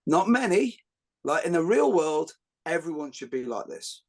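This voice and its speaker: Middle-aged man, slightly higher voice, podcast host, jokey rambling storyteller. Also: moderate pace. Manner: animated storyteller, jokey, many fillers and restarts. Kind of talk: casual podcast conversation.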